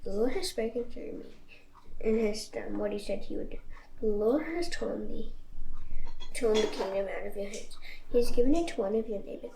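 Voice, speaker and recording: A woman's voice: medium pitch, normal speed, creaky, warm tone, distant mic, close to an everyday voice. A woman reading the lines of a stern old male prophet's spirit in an echoey room. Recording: echoey room, faint noise.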